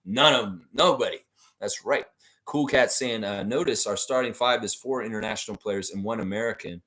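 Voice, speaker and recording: A man hosting a fan live stream, reading viewers' comments aloud and riffing on them in a playful, animated way, often repeating short phrases for emphasis. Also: lowish voice, moderate pace. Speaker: fan show host reading live chat. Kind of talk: casual live-stream chat.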